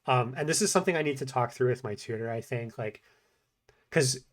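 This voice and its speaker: A man talking through his own language practice in a casual, self-critical video diary. He mumbles, swings between fast talk and slow, paused phrases, and haltingly repeats short practice phrases. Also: mid-range voice. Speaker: language learner vlogger.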